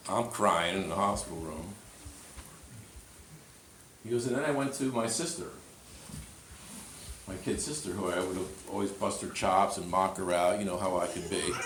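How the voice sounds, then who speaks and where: A man's voice: deep voice, fairly bright tone, a little hiss or hum. A man who is a pastor, giving a sermon and telling a story in the manner of a storyteller. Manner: storytelling, retelling a conversation in quotes. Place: church. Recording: echoey church with faint ambience.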